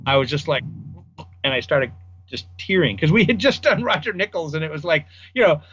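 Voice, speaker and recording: A man's voice: on the high side, lively intonation, a little fast, fairly bright tone, muffled recording, slight background noise. An older man, a guest audio designer, casually telling rambling anecdotes in an interview and acting out the people he quotes.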